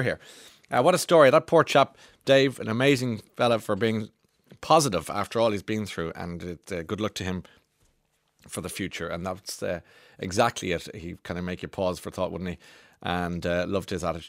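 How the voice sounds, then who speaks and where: A man's voice: on the low side, dry recording. A man with an Irish accent hosting a radio show, reading out listener texts in a chatty way with enthusiastic interjections, on a studio microphone. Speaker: radio host.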